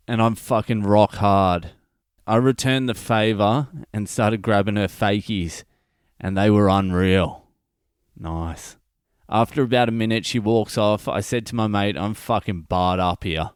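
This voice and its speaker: A man's voice: fairly low pitch, a little slow, smooth, no echo, clean studio sound. A middle-aged Australian man hosting a comedy podcast, telling a listener's story in a sweary, wry monologue.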